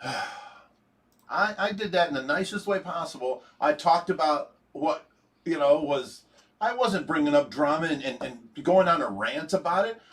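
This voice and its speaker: A man's voice: on the high side, lively intonation, a little slow, fairly bright tone. A man hosting a livestream, talking bluntly and speaking his mind in casual chat. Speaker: livestream host. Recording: voice from away from the mic.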